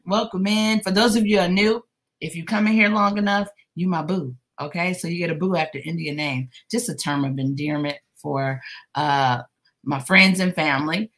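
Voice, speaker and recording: A woman with a low yet bright, forceful voice hosts a cozy crochet livestream from home. She chats casually and greets each viewer by name with an affectionate, teasing tone. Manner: playful teasing with laughter. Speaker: livestream host.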